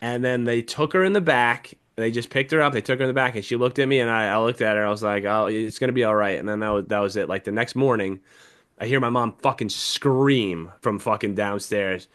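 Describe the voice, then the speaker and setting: A man's voice: medium pitch, brisk, fairly bright tone. A young man, a podcast co-host, telling an emotional story in casual chat, swearing heavily as he talks.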